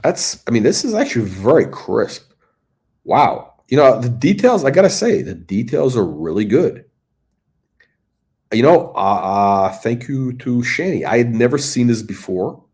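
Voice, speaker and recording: Hosting a watch review, this middle-aged man speaks at medium pitch with a sing-song lilt, a bit slowly and a little mellow. His commentary wanders into storytelling while he hunts for the right words.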